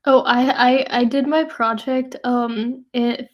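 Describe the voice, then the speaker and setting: A young woman co-hosting a podcast, speaking hesitantly in casual talk. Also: fairly high pitch. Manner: slow, hesitant, flat delivery. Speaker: podcast co-host. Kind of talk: casual discussion.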